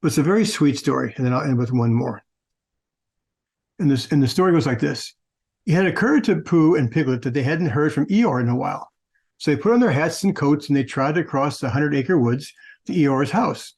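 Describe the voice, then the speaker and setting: A man's voice: a little high, animated, brisk, gravelly, a little mellow, husky. A man hosting a talk show, telling and reading stories aloud in a conversational manner with frequent restarts. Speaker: podcast host. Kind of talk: casual storytelling, reading aloud.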